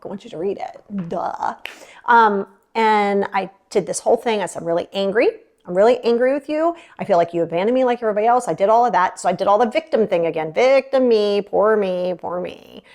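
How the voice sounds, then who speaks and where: A woman in her thirties, speaking as a podcast guest. Her voice has a gravelly, fried edge and a middle pitch. She tells her story candidly and expressively, acting out other people's lines as she goes. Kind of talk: casual storytelling.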